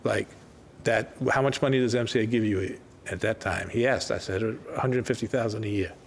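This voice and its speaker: A man's voice: fairly low pitch, moderate pace, slight background noise. An older man, a label founder, telling stories in a casual interview and acting out quoted dialogue. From New York. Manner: animated anecdotes, acts out quoted dialogue. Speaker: record label founder, guest.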